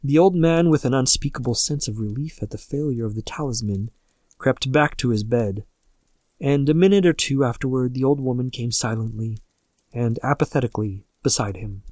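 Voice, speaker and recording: A man narrating a classic horror story aloud with measured, steady storytelling. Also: medium pitch, dry recording, clean studio sound.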